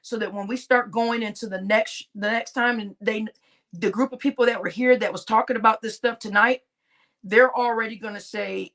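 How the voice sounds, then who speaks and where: A woman's voice: on the high side, fairly even intonation, normal speed, fairly bright tone. Laughing, chatty woman livestream host. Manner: chatty, laughing often, addressing chat as y'all. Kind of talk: casual live-stream chat with viewers.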